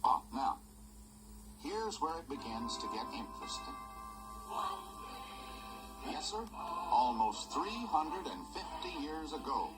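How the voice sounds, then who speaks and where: A man's voice: on the high side, sing-song, slow pace, pauses often. A man voicing a folksy old male mouse who narrates a cartoon special in a homespun storytelling way. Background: loud music score.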